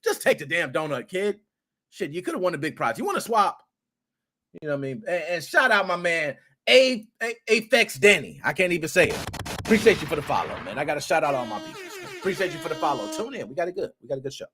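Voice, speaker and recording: Excitable guy ranting on his gaming podcast, high voice jumping all over. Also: fast. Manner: animated, excitable, swears, playful rants. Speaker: podcast host. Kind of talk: casual commentary podcast.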